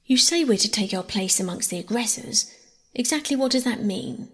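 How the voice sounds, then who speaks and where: A woman reading the lines of an eager, frank young man in a brisk, candid way. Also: fairly high pitch, expressive, a bit bright. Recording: husky voice in long reverb.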